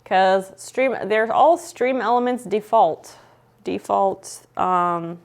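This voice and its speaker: A woman's voice: mid-range voice, slow pace. A woman streaming from home, chatting casually with viewers, playful and teasing, with some swearing.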